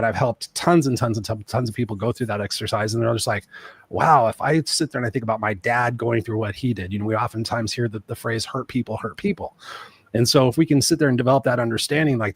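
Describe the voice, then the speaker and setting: A man in his fifties speaks quickly and earnestly as a guest coach in a casual panel talk. He tells stories and leans on repeated phrases for emphasis. The sound is dry and close. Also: medium pitch, breathy edge, no echo. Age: 50s.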